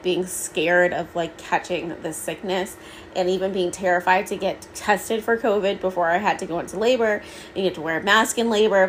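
Chatty mom podcaster, candid and rambling. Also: female voice, lowish voice, slight background noise, low-quality recording. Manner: chatty, candid, many "like" fillers. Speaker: podcast host. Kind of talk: casual solo podcast chat.

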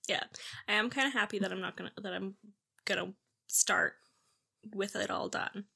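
Young female podcast co-host, bright husky voice, quick and wisecracking. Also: medium pitch. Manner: quick, wisecracking, swears casually. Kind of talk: casual chat.

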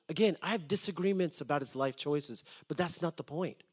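A man delivers a sermon to his congregation, moving between loud appeals and soft, hushed storytelling, and he repeats words as each thought begins. His voice sits a little high, and he speaks briskly with a husky quality.

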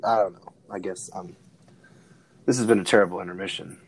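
A man's voice: sits low, fast, husky, poor audio. Laid-back joking man on a podcast. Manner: joking, laid-back, stumbles over names. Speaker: podcast co-host. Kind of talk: casual podcast chat.

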